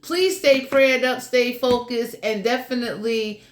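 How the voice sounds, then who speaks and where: A woman's voice: on the high side, fairly even intonation, a little slow, echoey room, slight background noise. A woman giving a casual general tarot reading in a blunt, crude, joking way, swearing freely. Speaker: tarot reader.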